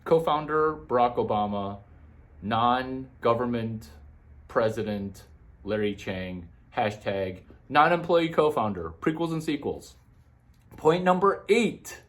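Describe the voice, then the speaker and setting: A man, a comedian, talking through numbered business tips in a jumpy monologue full of quick asides and sudden leaps in pitch. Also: animated. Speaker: comedian giving business advice.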